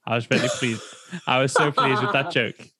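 A man's voice: mid-range voice, moderate pace, over a noisy crowd. Playful man hosting a chatty quiz. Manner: playful, teasing quizmaster. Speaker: podcast host. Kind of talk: casual chat.

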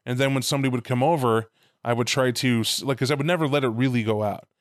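A man co-hosting a podcast, telling stories in lively, casual chat and swearing now and then. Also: mid-range voice, fast talker, no echo, clean studio sound. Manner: animated storyteller, swears casually. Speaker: podcast co-host.

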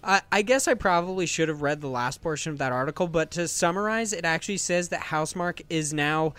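A man hosts a podcast in casual, enthusiastic chat. His voice sits a little high, and he drifts through fillers and restarts as he talks. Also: quick pace, bright, forceful tone, clean tone, no echo. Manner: chatty, enthusiastic, many fillers. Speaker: podcast host.

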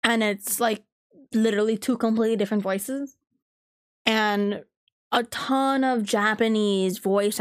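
A woman's voice: fairly high pitch, no echo. Young adult woman, casual podcast chatter, loose and profane, dry close recording. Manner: rambling, swears freely, lots of "like".

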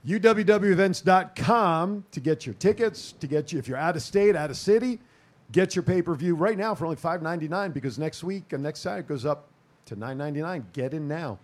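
A man's voice: on the high side, animated, brisk. Laughing, joking male stream host. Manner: jokey, laughing, hypes and plugs events. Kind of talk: casual live-stream show chat. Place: studio.

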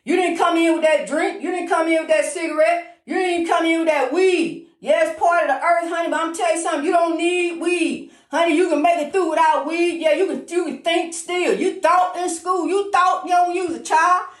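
Woman, high voice, informal emphatic preacher, repeats lines, says honey a lot, echoey room. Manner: repetitive, emphatic, calls the listener honey; talks fast when excited. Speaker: inspirational speaker.

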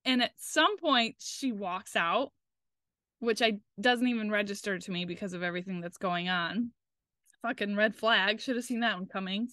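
A woman's voice: medium pitch, normal speed, sharp tone, dry recording, studio quality. A young woman talking casually and candidly as a podcast co-host, swearing freely as she tells a personal story and quotes the people in it.

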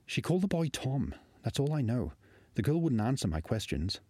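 A man's voice: medium pitch, sing-song, normal speed, warm tone, husky, dry recording, voice pushed up. A man voicing a shy, earnest young apprentice bard who hesitates and stammers.

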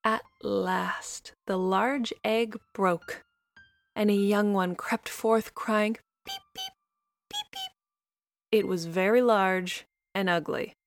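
A woman reading a fairy tale aloud in a gentle, even storytelling voice. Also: mid-range voice, takes it slowly, faint music behind.

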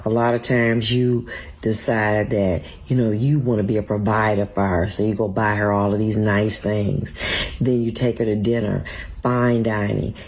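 Sixties woman, raspy gravelly tone, lecturing men on dating, firm and direct. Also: very deep voice, flat delivery, moderate pace, darkish tone. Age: 60s. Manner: blunt, preachy advice to men. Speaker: relationship advice speaker in a clip. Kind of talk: direct advice monologue.

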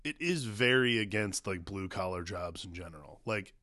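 A man's voice: deep voice, moderate pace, sharp tone, no room sound. A man co-hosting a casual comedy podcast about a movie, chiming in with dry, laid-back agreement and asides. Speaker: podcast co-host.

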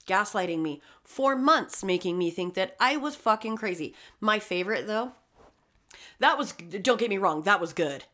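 A woman's voice: medium pitch, expressive, moderate pace, sharp tone. A woman in casual chat, telling a personal story with lots of swearing and acted-out quotes.

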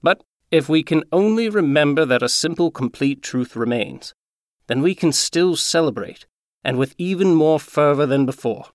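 A man reading a Christmas story aloud in a measured, earnest way. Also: on the high side, animated, no echo, studio quality.

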